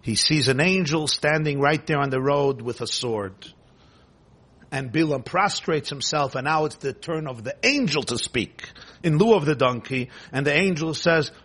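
A man's voice: on the high side, normal speed, a bit bright, slightly rough. A man teaching a Torah class, retelling a scripture story emphatically, quoting the Hebrew and translating it line by line. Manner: emphatic, repetitive, quotes and translates Hebrew text.

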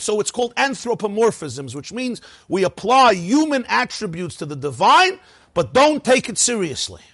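A high-pitched, husky male voice swinging widely up and down as he lectures. He fires off rhetorical questions and laughs at his own points. The sound is close and dry. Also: a bit bright, no room sound. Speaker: rabbi teaching a class. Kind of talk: lively Torah lecture.

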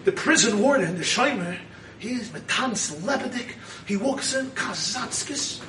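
High bright-voiced guy preaching, loud then hushed, sounds far off in an echoey hall. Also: expressive, unhurried, slight background noise. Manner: impassioned, swings between shouting and hushed tones. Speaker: rabbi teaching a congregation. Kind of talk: Hasidic sermon with storytelling. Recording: echoey room, voice from a distance.

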